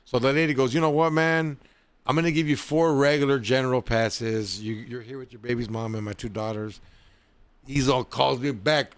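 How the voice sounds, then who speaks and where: A man in his forties telling a story in a slangy, animated way, saying "dog" often. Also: mid-range voice, normal speed, clear, resonant tone, no echo. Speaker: comedian guest. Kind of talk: casual storytelling.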